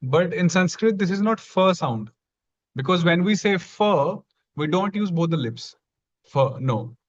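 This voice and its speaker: A high, expressive, slightly slow male voice leads an online class on Sanskrit pronunciation. Patient throughout, he repeats each sound so his students can follow along, though the recording is dull and lo-fi.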